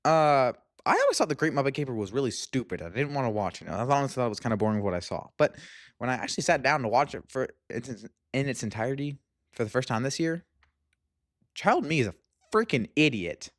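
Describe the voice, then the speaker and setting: A young man talks through a casual movie review vlog, gushing and full of fillers. His pitch leaps up and down as he gets worked up. The sound is dry and close, with no room around it. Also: fast talker, no echo. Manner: excitable, gushing, lots of "like". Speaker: movie vlogger.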